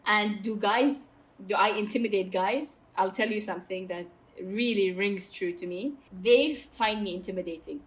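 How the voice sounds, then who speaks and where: A woman in her thirties from Saudi Arabia, talking candidly and emphatically as a podcast guest. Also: medium pitch. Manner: outspoken and emphatic, quick asides. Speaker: guest, mountaineer.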